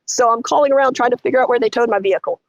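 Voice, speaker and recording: A middle-aged woman, telling a story as a guest in an interview, animated and vivid. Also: racing, dry recording, muffled recording. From Texas. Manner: animated, vivid storytelling with lots of pitch swings.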